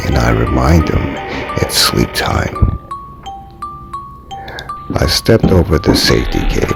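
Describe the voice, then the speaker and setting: Guy reading a creepy story real slow, low gravelly voice, music underneath. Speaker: story narrator. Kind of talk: slow scripted narration of an eerie true story. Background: music bed.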